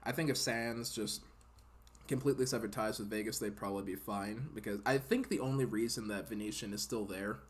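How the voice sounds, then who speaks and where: A man's voice: fairly low pitch, fairly quick. A man hosting a podcast in casual chat, rambling and joking, and he laughs often. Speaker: podcast host.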